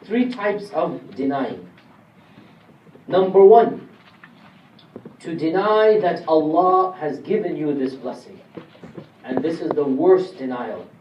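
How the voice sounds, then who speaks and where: A man's voice: on the high side, animated, takes it slowly, long pauses, muffled recording. A man giving a classroom lecture on Quran commentary, explaining step by step and putting questions to his audience. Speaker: Islamic lecturer. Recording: roomy distant room recording, faint ambience.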